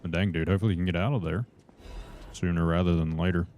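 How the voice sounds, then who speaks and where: A man's voice: deep voice, fast, a little hiss or hum. A man chatting casually on a gameplay livestream, talking to viewers and calling them brothers. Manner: relaxed, chatty, reads chat and greets viewers as brothers.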